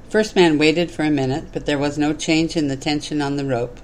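Reflective parable narrator, mid-range pitch, steady measured delivery. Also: low-quality recording. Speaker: storyteller. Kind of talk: reading a moral parable.

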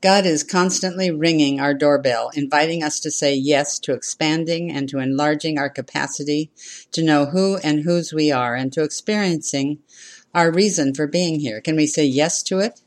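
Measured minister giving a sermon. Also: mid-range voice. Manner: measured, with repeated phrases and call-and-response.

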